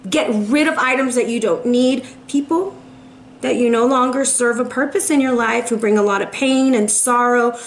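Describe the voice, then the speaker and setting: A woman's voice: on the high side, normal speed. A woman giving a casual tarot reading in a chatty, emphatic way, often asking "right?". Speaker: tarot reader. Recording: roomy echo with faint noise.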